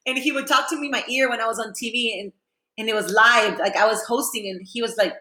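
A woman's voice: fairly high pitch, fast talker, very noisy. A woman in her late thirties, a TV host and actress, chatting casually as a guest and mixing Spanish into her English. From San Diego, US. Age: late 30s. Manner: chatty, mixes Spanish into English, says "like" often. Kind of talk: casual chat. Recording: roomy echo.

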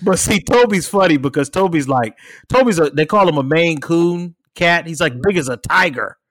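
A young adult man casually telling a story as podcast co-host, animated, swearing freely and acting out the people and cat sounds in it. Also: fairly high pitch, moderate pace, dry recording. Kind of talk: casual chat.

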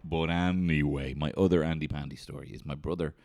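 Deep-voiced man telling a sweary comic story. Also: brisk. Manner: animated, sweary, jumps into shouted impressions. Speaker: comedian. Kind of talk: storytelling comedy monologue.

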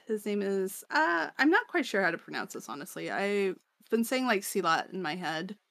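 Woman, podcast co-host, casual chat, chatty with fillers and laughs, bright, dry sound. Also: mid-range voice, big pitch swings, normal speed, creaky, dry recording. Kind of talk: casual chat recapping manga chapters.

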